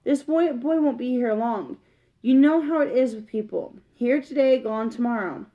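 A woman's voice: on the high side, normal speed, mellow, dull audio, close to an everyday voice. A woman reading aloud, voicing a grumpy, cautious older uncle mouse in a storybook. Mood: gruff.

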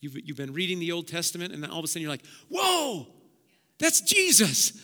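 A male pastor preaching a sermon, swinging between hushed low passages and loud emphatic bursts. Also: fairly even intonation, very fast. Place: church sanctuary. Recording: long church hall reverb.

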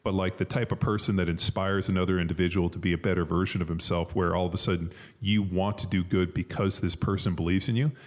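A man's voice: low voice, steady tone, fast, few pauses. A man, a former football player, co-hosting a podcast in casual, profane chat full of fillers. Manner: loose and profane, lots of fillers. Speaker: podcast co-host.

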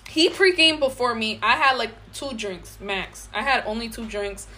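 A woman's voice: fairly high pitch, animated, moderate pace, pushed and bright. A young adult woman co-hosting a podcast, chatting in a blunt, profane and emphatic way. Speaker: podcast co-host. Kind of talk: casual chat.

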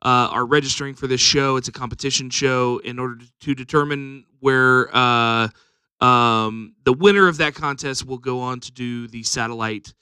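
A man's voice: medium pitch, fairly even intonation, normal speed, sharp tone, clear, resonant tone, no room sound, clean studio sound. A man who books comedy shows and co-hosts a podcast, reading out dates in a rambling way with lots of ums. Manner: rambling announcements with many ums. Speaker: comedy show booker and podcast co-host. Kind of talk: casual podcast chat.

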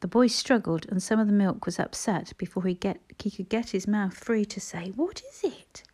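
Brief: woman narrator, mellow and warm, measured audiobook reading. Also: mid-range voice.

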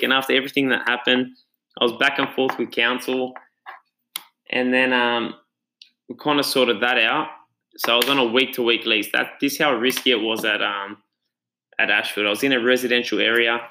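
Bright-voiced Australian man telling his story. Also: medium pitch, rough recording. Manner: earnest, chatty, reflective. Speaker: gym owner and trainer. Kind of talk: casual personal storytelling.

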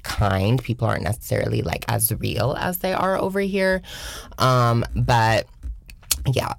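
A woman's voice: a bass voice, creaky, no echo. A young adult woman from Washington State, telling a casual, profane storytime with lots of filler words. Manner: chatty, profane, heavy filler "like", mocking voices in quotes. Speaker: vlogger.

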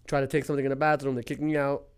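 Fast-talking young man telling a bar story. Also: mid-range voice, clean tone. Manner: animated, swearing, acts out quoted people. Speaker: podcast co-host. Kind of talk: casual chat, storytelling.

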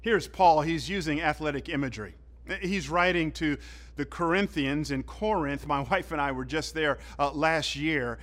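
A man from the southern United States preaching a sermon, telling stories in an animated way and swinging between loud and hushed. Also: fairly high pitch, normal speed. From southern United States (Atlanta). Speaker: pastor.

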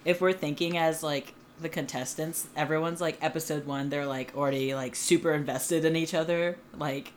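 A man's voice: a little high, steady tone, normal speed, few pauses, slight background noise. A man co-hosting a podcast in casual chat, sarcastic and laughing, with lots of "like". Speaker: podcast co-host.

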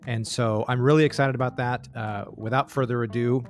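A man's voice: mid-range voice, fairly even intonation, fairly quick, faint music behind. A man introducing his podcast episode in a jokey, self-correcting way. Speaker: podcast host.

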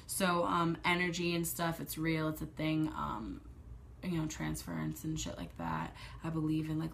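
Young woman rambling on her podcast, cusses a lot, kinda low voice, bit of background hiss. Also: a bit bright. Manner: chatty, rambling, swears freely, drops to a whisper at times. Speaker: podcast host. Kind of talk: casual solo podcast monologue.

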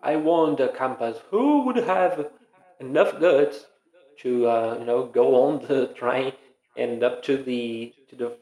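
A man's voice: mid-range voice, slow pace, a little mellow, reverberant, poor audio. A man co-hosting a podcast in casual chat, joking and teasing. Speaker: podcast co-host.

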